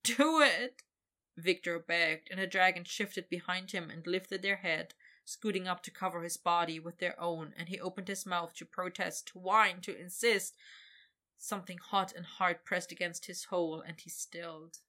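A woman reading an adult story aloud as narrator in a steady, intimate manner. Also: on the low side, normal speed.

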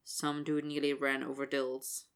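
A woman voicing a teasing, amused young college man who speaks slowly. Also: mid-range voice, completely flat delivery, a bit bright, clean tone, voice pushed down.

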